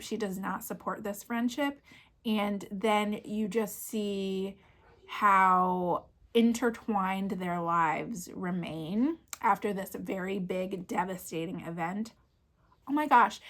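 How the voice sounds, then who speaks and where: Woman, 30s, vlogger, casual chatty gusher, medium pitch. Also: fairly bright tone. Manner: chatty and gushing, lots of fillers. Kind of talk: casual book chat.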